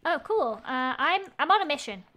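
A woman with a high, bright voice live-streams a game at a moderate pace, excitedly narrating her own moves. She thinks aloud nonstop and reacts to every twist as it happens.

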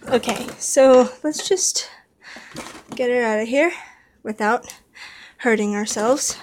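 Tired but excitable woman vlogger with a high voice; speaks slowly, gushes to viewers over a faint noise floor. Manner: gushing, excitable, talks to viewers. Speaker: vlogger unboxing a model horse. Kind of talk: casual unboxing vlog.

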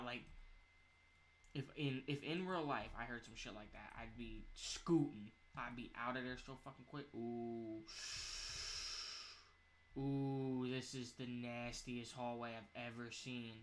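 A man giving rambling, profane commentary while he plays a zombie game. He jumps between mumbling and loud outbursts. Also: mid-range voice, a little hiss or hum. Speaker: gamer. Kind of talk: gameplay commentary.

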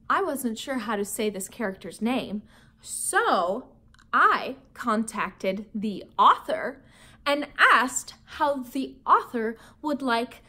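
A woman from Minnesota with a Minnesota accent, a teacher reading a children's book aloud to her students in a friendly, expressive way. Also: a little high. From Minnesota, United States. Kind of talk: children's read-aloud storytelling.

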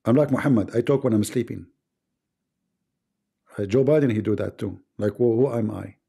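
A man's voice: fairly low pitch, moderate pace, gravelly, warm tone, breathy edge. A man with a foreign accent hosting a live stream, reading viewer comments and teasing his audience. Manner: joking and teasing, often laughing.

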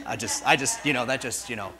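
A middle-aged man preaching a sermon as pastor, telling stories in a rambling way and swinging from soft asides to loud, rising peaks. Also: medium pitch, fairly quick. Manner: storytelling, digressive, swings from quiet to loud; jokes with congregation.

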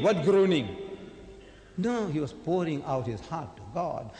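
A man's voice: a little high, very animated, a little slow. Man giving a debate speech in an echoey hall. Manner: dramatic, acts out quotations loudly. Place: large hall before an audience.

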